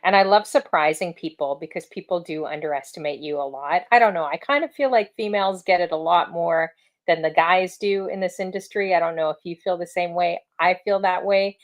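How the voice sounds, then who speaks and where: A woman's voice: on the low side, fairly quick. A woman hosting a casual interview, chatty and rambling, with frequent fillers and restarts. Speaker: interviewer and show host.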